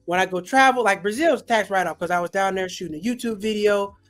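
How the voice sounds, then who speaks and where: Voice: mid-range voice, fast talker, a bit bright. Rambling, casual travel podcast host. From Europe. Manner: rambling, loose, many fillers and self-corrections. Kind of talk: casual chat.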